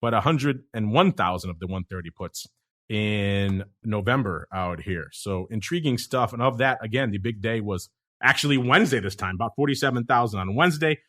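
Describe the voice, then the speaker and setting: A man hosting a podcast, giving playful, animated market commentary and rattling off numbers. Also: fairly low pitch, fairly quick. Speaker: host.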